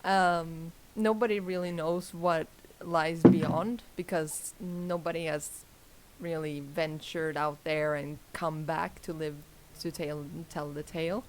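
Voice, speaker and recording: A woman hosting a tabletop game stream as game master, talking slowly and hesitantly and laughing often. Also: deep voice, fairly even intonation, a little mellow, slight background noise. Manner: slow, hesitant, giggly. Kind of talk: casual tabletop game narration.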